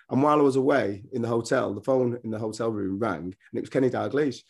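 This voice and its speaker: A man's voice: mid-range voice, quick pace, creaky, few pauses, a little mellow, slightly rough. A middle-aged man, a former footballer and coach, talking casually as a guest and telling rambling stories with many restarts. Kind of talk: casual podcast interview.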